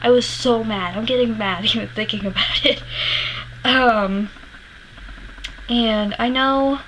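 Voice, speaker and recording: A woman's voice: fairly high pitch, slow pace, a bit bright, slight background noise, poor audio. A woman vlogger animatedly retelling a personal story to camera, swearing freely and laughing as she goes, emotional while she remembers it.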